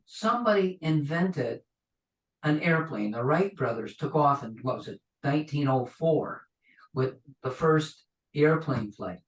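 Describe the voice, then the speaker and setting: A man's voice: a little high, animated, measured pace. A man, an astrologer, giving a conversational webinar lecture that rambles and acts out people's reactions. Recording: echoey room, distant from the mic.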